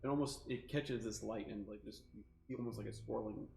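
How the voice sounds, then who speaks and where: A man's voice: lowish voice, fairly even intonation, fairly quick, vocal fry, darkish tone, a little hiss or hum. A man narrating a tabletop game as game master, describing the scene in long, rambling sentences full of fillers. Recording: echoey room with faint music.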